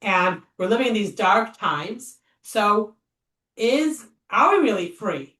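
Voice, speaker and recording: A woman's voice: medium pitch, very animated, slow pace, a bit bright. A woman leading an informal text study class, chatty and thinking aloud with many fillers and rhetorical questions. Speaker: Torah study teacher. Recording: echoey room, voice a bit far from the mic.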